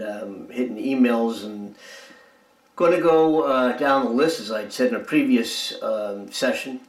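A man giving a relaxed spoken guitar lesson, rambling with many fillers and restarts. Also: on the low side. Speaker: guitar teacher. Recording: roomy echo over loud guitar. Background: guitar playing.

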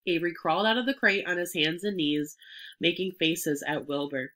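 Woman storybook reader, bright and slightly low, expressive narration. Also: moderate pace. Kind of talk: storybook read-aloud.

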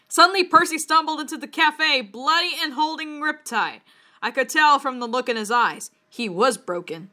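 A woman reading a bad story aloud in a mock-dramatic way, breaking into high laughing shrieks and comments. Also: normal speed, sharp tone. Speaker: reader of bad fan fiction.

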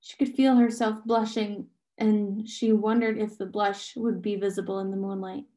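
A young adult woman reading a novel aloud, with occasional slips and restarts, raising her pitch for characters' dialogue. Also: flat delivery, normal speed, warm tone. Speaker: audiobook reader.

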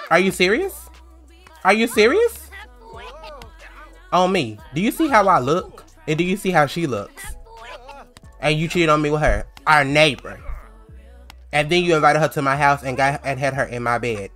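Brief: sassy jealous young woman in a life-sim story, voiced by a man, confrontational, middle pitch, light music under it. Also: sing-song, normal speed, bright, forceful tone. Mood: furious.

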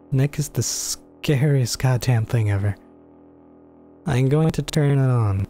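A man's voice: mid-range voice, slow pace, music in the background. A young man commentating a game as a let's play, joking and swearing in mock horror as he reads the game's text aloud. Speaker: gaming YouTuber.

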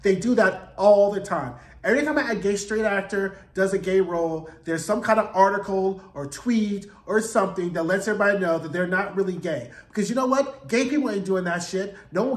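Brief: high-pitched man, sassy profane TV recap vlogger, echoey room sound. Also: fairly bright tone. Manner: sassy, profane, acts out quotes in voices. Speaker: TV episode recapper. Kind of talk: casual TV recap commentary.

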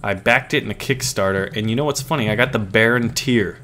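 A man's voice: lowish voice, a little fast, a bit bright. A man with a scratchy voice, giving joking, casual commentary on a game as he plays. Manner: playful, jokey, casual. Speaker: gaming channel host. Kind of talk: let's play commentary.

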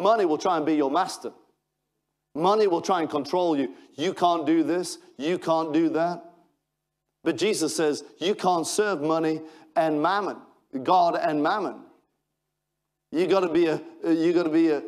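A man's voice: a little high, moderate pace, darkish tone. A man with an English accent preaching an impassioned sermon as pastor, reading scripture aloud and calling out to the congregation. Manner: impassioned preaching with call-outs and Bible reading. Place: church in Manchester.

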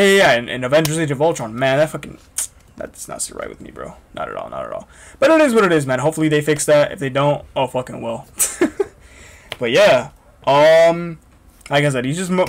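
A young man hosting a reaction video, excitable and swearing often in casual commentary. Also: a little high.

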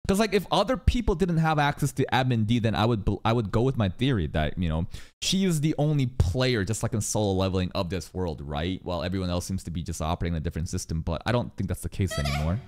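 A woman reacting live to an anime, excitable and profane, laughing often and thinking aloud. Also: a bass voice, quick pace. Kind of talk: casual live reaction commentary.

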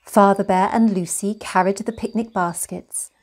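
A woman reading a children's picture book aloud, slow, gentle and expressive. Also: mid-range voice. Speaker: storyteller.

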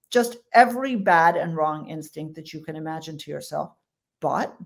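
A woman foreign policy commentator giving blunt, emphatic interview answers with colloquial put-downs. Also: fairly low pitch.

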